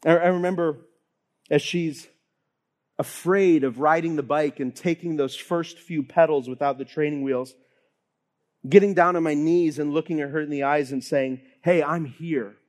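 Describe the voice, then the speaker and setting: High-voiced, animated male preacher. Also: normal speed. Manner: animated storytelling, acts out quoted voices. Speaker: pastor. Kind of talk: sermon.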